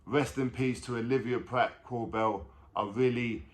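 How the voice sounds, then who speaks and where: A man speaks straight to his viewers in a reaction video. He sounds blunt and impassioned and swears freely. His pitch sits in an ordinary middle range. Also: fairly even intonation, unhurried. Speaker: vlogger.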